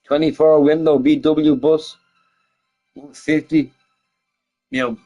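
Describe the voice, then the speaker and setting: A man's voice: a little high, little pitch movement, slow, dark tone, faint music behind, low-quality recording. A man chatting casually on a stream, swearing often, laughing and firing off rhetorical questions. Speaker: gaming streamer chatting with viewers. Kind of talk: casual rambling chat.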